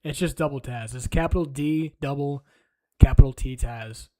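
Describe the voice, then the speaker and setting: Give me a heated, foul-mouthed streamer ranting live at a medium pitch. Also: normal speed, a little mellow. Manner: crude, profane, heated ranting. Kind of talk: casual livestream rant.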